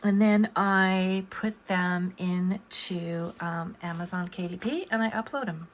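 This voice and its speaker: A woman's voice: fairly low pitch, slow pace. An older woman talking casually while she draws at home, rambling and hesitant with many fillers. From USA. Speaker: coloring book artist. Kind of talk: casual talk while drawing. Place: home, at a drawing desk.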